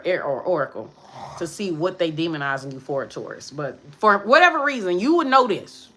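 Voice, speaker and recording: A woman tarot reader talking to her viewers in a brash, profane, sassy way, with emphatic bursts and quick muttered asides. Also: lowish voice, sharp tone, rough recording. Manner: emphatic, with sudden drops to mutters. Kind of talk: live tarot reading monologue.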